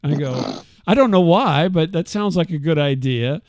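A middle-aged man co-hosting a podcast, telling a story in a lively, casual way and mimicking the voices of others. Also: a little high, normal speed, no room sound, studio quality. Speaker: podcast co-host. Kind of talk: casual chat.

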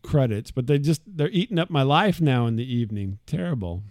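A middle-aged man co-hosting a podcast, telling a story in a lively, casual way and mimicking the voices of others. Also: mid-range voice, a little fast. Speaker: podcast co-host. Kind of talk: casual chat.

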